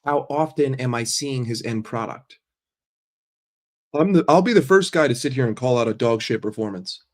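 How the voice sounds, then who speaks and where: A man with a medium-pitched voice hosts a casual livestream. He reads chat messages aloud and responds in a blunt, sarcastic, swearing rant. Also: animated, normal speed. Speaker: livestream host reading chat.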